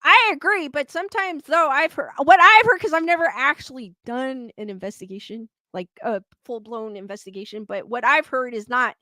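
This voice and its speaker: With a pushed, bright voice on the high side, a woman speaks at normal speed with hardly any pauses and no room sound. As host of a paranormal YouTube livestream, she reads viewers' comments and chats casually, rambling frankly while venting her frustration.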